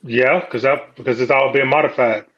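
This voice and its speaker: A man's voice: mid-range voice, fairly even intonation, a little fast, fairly bright tone, dull audio. A man in a casual car talk, hesitantly defending work he did on his own car. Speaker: car owner panelist. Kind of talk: casual group discussion.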